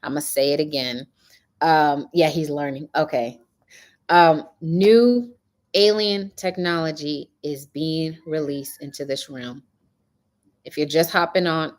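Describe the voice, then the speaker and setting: A middle-aged woman hosting a casual spiritual talk, telling stories with animation and a preachy edge. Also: deep voice. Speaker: host.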